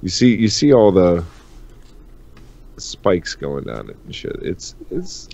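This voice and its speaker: A man's voice: low voice, huge pitch swings, slow pace, creaky, warm tone, lo-fi sound. A man co-hosting a casual livestream podcast, joking and swearing as he ribs his co-hosts. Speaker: podcast co-host.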